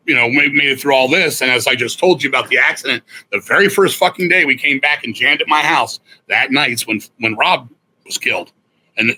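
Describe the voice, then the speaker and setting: A man with a raspy voice telling his story in a casual chat, blunt and swearing freely. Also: medium pitch, sharp tone, poor audio. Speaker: guest musician.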